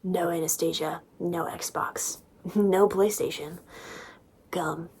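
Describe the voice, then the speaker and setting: A woman voicing a brooding, domineering young rich man in a low, hushed whispered role-play. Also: very slow, vocal fry, husky, heavily acted. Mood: commanding.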